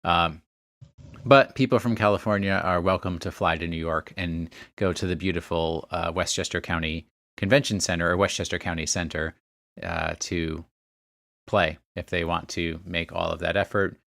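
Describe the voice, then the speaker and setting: Man, low voice, dry close sound, casual podcast host, reads out lists with chatty asides. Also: steady tone, moderate pace, gravelly, fairly bright tone, dry recording. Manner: reads out a list of places and dates, chatty with small asides.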